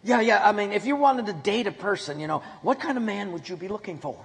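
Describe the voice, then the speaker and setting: A man's voice: high-pitched, lively intonation, fast talker. Nervous stammering young student guy, smitten, pastor putting him on, echoey hall. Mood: flustered. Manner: flustered, stammering. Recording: echoey hall with long reverb.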